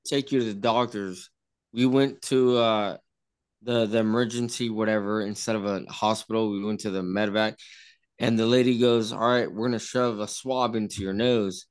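A man's voice: fairly low pitch, fairly even intonation, moderate pace, clear, resonant tone. Rambling man telling a story. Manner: rambling, repeats himself, acts out quotes. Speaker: party guest. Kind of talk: casual storytelling. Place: indoor party room.

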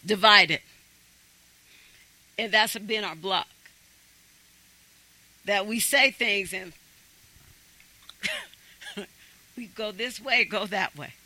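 High, bright-voiced male preacher. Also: slow, long pauses, no echo, rough recording. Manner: emphatic, urging the congregation. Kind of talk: sermon.

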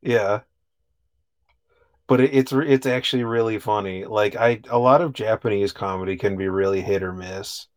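A relaxed man with a fairly low voice chats as a co-host. He talks in an easygoing way, chuckles often and swears offhandedly. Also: normal speed. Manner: laid-back, chuckling, swears casually. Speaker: podcast co-host. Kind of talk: casual chat.

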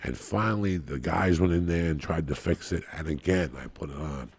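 A man's voice: rumbling low, normal speed, gravelly, breathy edge. A middle-aged man, a guest comedian, telling a rowdy, profane story on a podcast and acting out the people in it.

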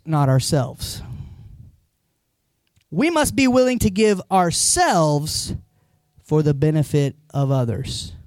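A man's voice: sits high, dry recording, clean studio sound. A man preaching a sermon as a pastor, talking conversationally and putting questions straight to the congregation. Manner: animated storytelling.

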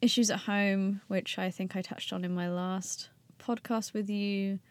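A woman's voice: medium pitch, steady tone, measured pace, no echo. Young woman, podcast guest, loose and self-mocking, trails off often. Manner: chatty, self-deprecating, laughs often, trails off with fillers. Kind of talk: casual chat.

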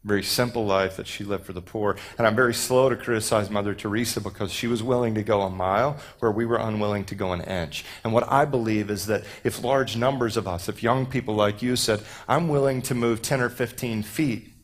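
A man's voice: lowish voice, fairly quick, hardly any pauses. A man from Houston preaching a casual, joking sermon to a youth group, with many fillers and restarts. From Houston, Texas. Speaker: pastor.

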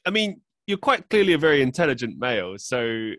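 A man's voice: mid-range voice, big pitch swings, fairly quick, a bit bright, dry recording, clean studio sound. A man hosting a podcast, asking long, rambling questions full of hedges and fillers. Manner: rambling, hedging questions full of likes and I means. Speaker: podcast host. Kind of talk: casual interview talk.

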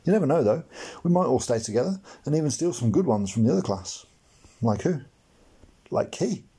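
A man's voice: medium pitch, big pitch swings, a little fast, mellow, husky. A man reading his own humorous memoir aloud for a blogcast, in a wry, mock-dramatic storytelling manner with comic asides. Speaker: blogcast narrator.

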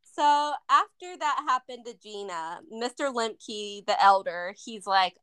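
Woman podcast co-host, bright tone, casual movie chat, retells plot and acts out lines. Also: a little high, lively intonation, slow, clean tone.

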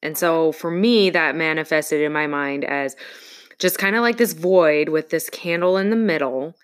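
A woman in casual conversation, telling a personal story in an earnest, reflective way with halting pauses. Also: deep voice.

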